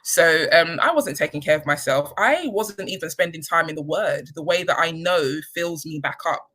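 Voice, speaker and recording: Bright-voiced woman, candid and reflective. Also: sits low, expressive, moderate pace, poor audio. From United Kingdom. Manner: candid and reflective, many ums, emotional at times. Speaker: charity chief executive. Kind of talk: personal reflective talk.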